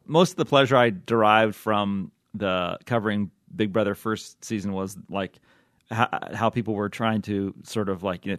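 A man's voice: lowish voice, no echo, clean studio sound. A man hosting a podcast in casual chat, rambling and joking with many restarts. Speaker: podcast host.

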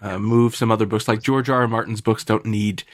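A man's voice: lowish voice, steady tone, brisk, no echo, studio quality. A man hosting a podcast, chatting casually and joking with a guest, laughing often. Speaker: podcast host. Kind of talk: casual chat.

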